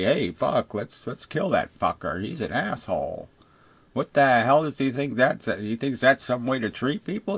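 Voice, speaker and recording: A man's voice: medium pitch, a bit bright, breathy edge, dry recording. An older man ranting on camera in an unscripted, profane, mocking monologue, often slipping into sarcastic imitations of others. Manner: mimics others in put-on voices. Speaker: video commentator.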